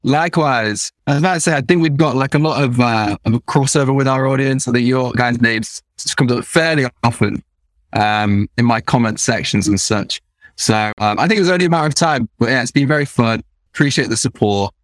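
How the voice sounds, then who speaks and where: A man's voice: mid-range voice, fairly quick, no echo. A young man from Nottingham with a Midlands accent tinged by a London twang, chatting as a guest in a casual interview in a dry, self-mocking way. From Nottingham, England. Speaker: guest, video creator.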